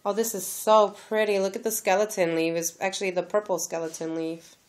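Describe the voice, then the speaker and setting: A woman's voice: mid-range voice, flat delivery, fairly quick. A woman vlogging as she opens a gift, gushing and exclaiming over each item in a casual chat. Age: adult, has a daughter. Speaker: crafting vlogger opening a gift.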